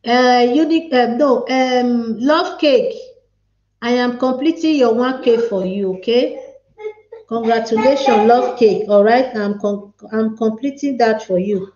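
A woman's voice: fairly high pitch, a little slow, a little mellow, slight background noise. A woman with a Nigerian Pidgin English accent hosting a livestream, chatting and laughing as she calls out viewers by name. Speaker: livestream host. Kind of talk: casual live chat to viewers. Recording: echoey room, dull lo-fi sound.

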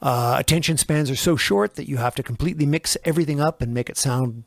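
A man of middle pitch recounts his studio days in a loose, rambling way, acting out the dialogue along the way. The sound is close and dry, with no room around it. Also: fast talker, gravelly, dry recording. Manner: rambling, animated anecdotes with acted-out quotes. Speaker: record producer and engineer guest. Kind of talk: casual interview storytelling.

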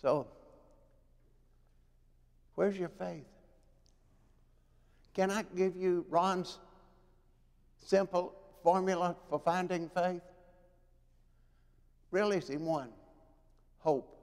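A man preaching a sermon in a church, dramatic, moving from loud pleading to hushed, quiet lows. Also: steady tone, slow, long pauses. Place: church sanctuary. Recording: long reverb of a church hall.

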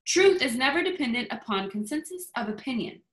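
A man's voice: very high-pitched, sing-song, brisk, fairly bright tone, voice pushed up, full character voice. A woman reading aloud the lines of Columbus, a bold, self-assured male explorer, in a preachy, declaiming way. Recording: echoey video call.

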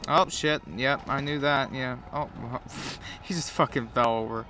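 A man's voice: mid-range voice, a little slow, noisy background. A man with a cold giving profane, joking play-by-play commentary while playing a game. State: has a cold. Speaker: gamer commentator.

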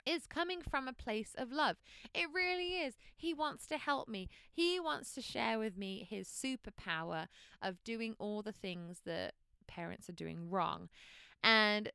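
A woman in her thirties hosting a podcast, telling a personal story in an animated way and laughing often. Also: medium pitch, smooth, no room sound, studio quality. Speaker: podcast host.

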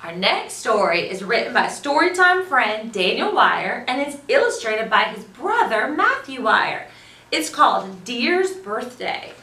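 Brief: woman storytime host, high, animated sing-song delivery, slow and clear, echoey room, mic at a distance. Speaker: children's librarian storytime host. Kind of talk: reading picture books aloud to children. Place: library room. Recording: roomy, voice from a distance.

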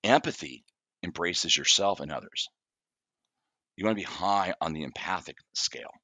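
In a dry recording, a middle-aged therapist speaks in a low, breathy-edged voice at a moderate pace as a guest on a podcast. He tells animated stories from his work, playing out his clients' words in conversational interview style.

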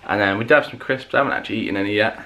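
A man's voice: on the low side, racing, sharp tone. A young man chatting casually to camera for a vlog, rambling with plenty of fillers and restarts. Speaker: vlogger.

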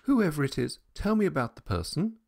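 Prim young governess, raised pitch, gravelly edge, brisk and firm, as a man reads her. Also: big pitch swings, darkish tone, dry recording, studio quality, full character voice. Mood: stern. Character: prim young female governess, logical, impatient.

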